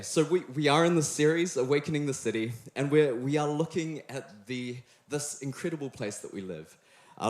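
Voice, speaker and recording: Man, New Zealand accent, young preacher, chatty and joking, mid pitch, echoey church hall. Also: darkish tone. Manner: friendly, joking, chatty with the room. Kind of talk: sermon. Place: church hall before a live congregation.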